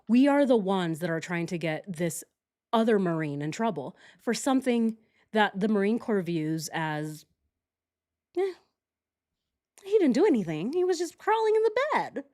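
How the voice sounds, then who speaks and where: A young woman streamer, pitched fairly low, chats casually while telling a personal story. She's candid and animated, acting out the quotes by shouting them.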